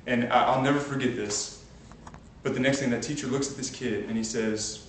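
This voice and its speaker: A man's voice: medium pitch, fairly even intonation, moderate pace, a little hiss or hum. A man giving a motivational talk to a live group, telling stories and building to pumped-up exhortation, recorded from a far camcorder. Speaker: motivational speaker. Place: large room with a live group. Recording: echoey room from a far camcorder.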